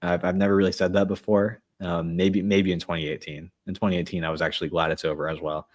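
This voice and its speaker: A man hosting a sports podcast in a relaxed, joking, chatty way. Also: low voice, quick pace. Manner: relaxed, joking, upbeat sign-off. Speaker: podcast host. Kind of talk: casual podcast chat.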